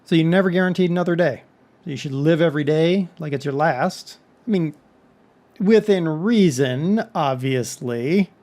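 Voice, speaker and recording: A man from Texas hosts a casual video chat. His voice sits a touch high for a man. He wanders from point to point and breaks in with joking asides. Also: normal speed, darkish tone. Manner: rambling, conversational, with joking asides. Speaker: vlog host. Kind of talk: casual monologue.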